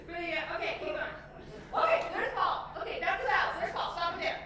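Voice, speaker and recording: A woman's voice: very high voice, quick pace, sharp tone. A woman doing a comic solo stage monologue as a gushing, rambling party hostess. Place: theater stage. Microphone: distant room mic. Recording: echoey stage recorded from far off, noisy.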